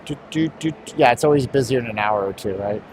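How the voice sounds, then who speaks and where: A man's voice: mid-range voice, fast. A man live-streaming while walking outdoors on a hot city street, bluntly rambling to his chat. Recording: street traffic noise.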